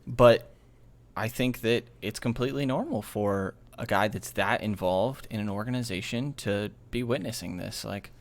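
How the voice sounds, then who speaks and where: A man on a sports podcast who speaks with a low, gravelly voice. He sounds skeptical and dry, and talks in a casual way. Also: moderate pace. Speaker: podcast co-host.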